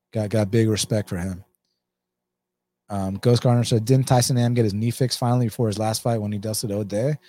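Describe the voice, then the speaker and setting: Host, male, Atlanta accent, low-pitched, loose and chatty, swears freely while answering chat. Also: warm tone. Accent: Atlanta, Southern US. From United States. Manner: laid-back, swears, laughs often, reads comments aloud. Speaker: livestream host reading chat. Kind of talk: casual chat.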